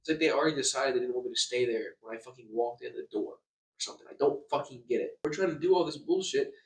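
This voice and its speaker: Fast-talking and medium-pitched, a young male vlogger in a hotel room tells an angry story, stammering, repeating himself and cursing a lot. The distant mic picks up an echoey room.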